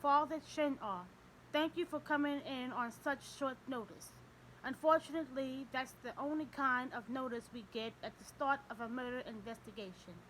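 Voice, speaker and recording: A woman's voice: high-pitched, normal speed, a bit bright, a little hiss or hum, rough recording. A woman reading the lines of a male homicide detective who questions politely and persistently in an audiobook. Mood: steady.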